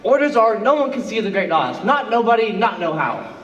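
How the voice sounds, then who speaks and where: A man's voice: sits high, big pitch swings, brisk, fairly bright tone, lo-fi sound. A man playing a fussy, blustering palace doorkeeper in a live stage musical. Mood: bossy. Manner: bossy, blustering stage delivery. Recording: echoey live stage, distant from mic.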